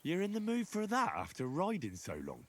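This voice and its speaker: A man's voice: sits high, huge pitch swings, brisk, exaggerated voice. An actor playing a wry young commoner swordsman in a video game, with dry replies.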